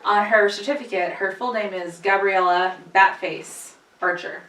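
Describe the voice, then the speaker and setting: A woman's voice: mid-range voice, a little slow, a bit bright, distant mic. A woman telling stories and giving tips in a casual chat. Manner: chatty, storytelling, light laughter. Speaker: guest. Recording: echoey room, voice from the mic.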